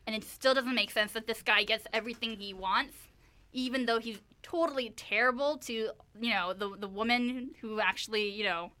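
A woman's voice: a little high, moderate pace. A woman co-hosting a podcast, chatting casually and animatedly about a film she saw, with lots of fillers. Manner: animated, many "like" and "you know" fillers. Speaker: podcast co-host. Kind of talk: casual chat recapping a film.

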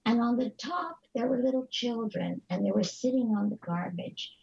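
A woman guest recounts her experiences in an interview, halting now and then and starting over. Her voice is gravelly with a husky edge. The recording sounds a little dull and lo-fi. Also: a little high, a little mellow. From Canada. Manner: earnest, halting storyteller with many restarts. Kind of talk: telling stories in an interview.

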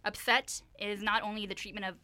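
With a medium-pitched, brisk voice, a woman co-hosting a podcast chats casually about a movie she watched. She is animated and uses a lot of "like" and "you know."

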